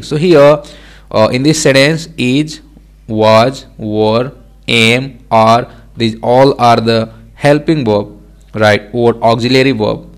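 A man teaching an English grammar lesson, reading example sentences and repeating words slowly with small self-corrections. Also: mid-range voice.

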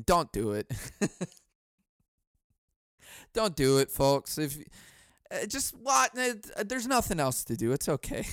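A man from Southern California hosting a casual solo podcast into a boom mic at home, swearing a lot, laughing often and bursting into loud mock yelling. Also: smooth, dry recording, studio quality. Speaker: podcast host.

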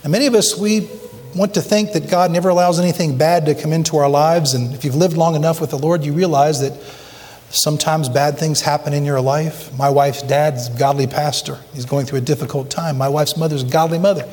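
Guy preaching hard in a big echoey church, kinda high voice, keeps throwing questions at the crowd. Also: fairly even intonation, a little fast, a little mellow. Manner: emphatic preaching with rhetorical questions. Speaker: pastor. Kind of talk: sermon. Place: church sanctuary. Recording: long church reverb.

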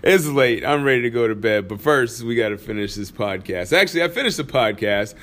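A man's voice: medium pitch, animated, brisk, a bit bright. A man hosting his own podcast from a studio, talking casually, using slang and laughing often. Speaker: podcast host.

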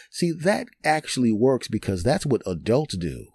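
A man hosting a podcast, telling personal stories in an animated, digressive, joking way. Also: medium pitch, normal speed, few pauses, husky, dry recording, clean studio sound. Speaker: podcast host. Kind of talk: storytelling monologue.

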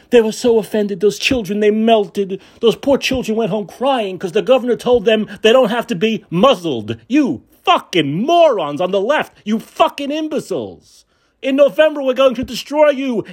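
A man's voice: high-pitched, darkish tone. A man hosting a podcast, giving an angry, sarcastic and profane political rant. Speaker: podcast host.

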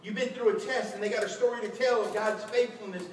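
Man, pastor, high voice, animated sermon, echoey church hall, distant mic. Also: quick pace, slight background noise. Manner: animated, acts out quotes with shouts and laughs.

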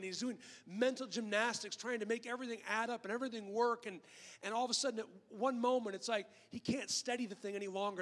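A pastor with a high-pitched voice preaching a sermon as a casual story. He voices the quotes in the story, stumbles and repeats words, and slips in joking asides. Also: fairly bright tone, long reverb tail. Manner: conversational storytelling, acts out the quotes; frequent word repeats and restarts.

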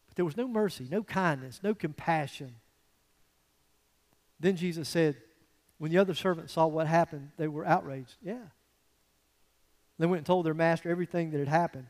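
A man preaching a sermon as a pastor, swinging from quiet, low passages to loud, emphatic ones. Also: moderate pace, long pauses, in a large hall.

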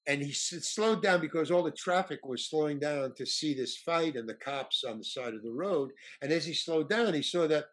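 A man's voice: a little high, normal speed, few pauses. A man telling a long anecdote in casual chat, acting out the voices of people he quotes. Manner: animated, acts out quoted voices. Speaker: storyteller guest.

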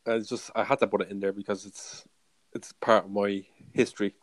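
A man's voice: lowish voice, level tone, a little fast, no echo. A man, co-hosting a podcast in an upbeat, casual chat. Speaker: podcast co-host. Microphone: remote call mic.

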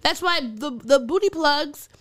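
Slow-talking giggly woman, dry close mic. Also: high-pitched, expressive, dry recording. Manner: giggly, rambling with fillers and restarts. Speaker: podcast co-host. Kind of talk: casual chat, recounting news stories.

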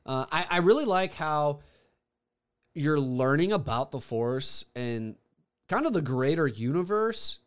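Young male podcast co-host, smooth clear voice, eager and rambling. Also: on the high side, expressive, unhurried, fairly bright tone. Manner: enthusiastic, rambling with fillers and restarts. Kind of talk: casual chat.

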